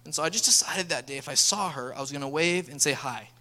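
Young male pastor, earnest sermon delivery, bright forceful voice. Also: fairly high pitch, quick pace. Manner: earnest, building to emphatic appeals.

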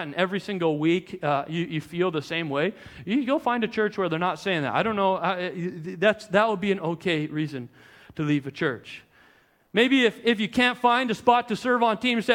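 High-voiced pastor preaching casually. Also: male voice, moderate pace. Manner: conversational, animated storytelling with self-correcting restarts. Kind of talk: sermon.

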